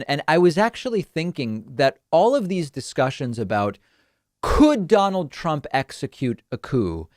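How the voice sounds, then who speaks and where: A man's voice: medium pitch, dry recording. A male political commentator hosting his own show, talking straight to camera with wry amusement. His voice sits in the usual middle range. It is recorded close and dry in a studio. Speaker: political talk show host.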